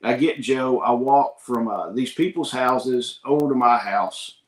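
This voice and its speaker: A podcast host with a Kentucky accent and a mid-range voice talks unhurriedly in a roomy-sounding space. He spins a rambling, folksy story in casual conversation, acting out the other characters' lines himself.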